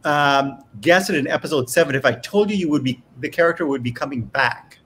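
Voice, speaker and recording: A man's voice: a little high, brisk, a little hiss or hum. A man, a writer and showrunner, talking casually on a panel with lots of restarts and small hesitations. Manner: relaxed, hesitant, with many restarts.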